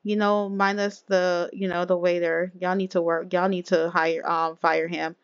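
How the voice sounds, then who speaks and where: A woman's voice: on the low side, little pitch movement, moderate pace, clean tone, no echo, highs cut off, lightly acted. A woman voicing a fed-up young woman in a diner, sassy and demanding in her everyday voice.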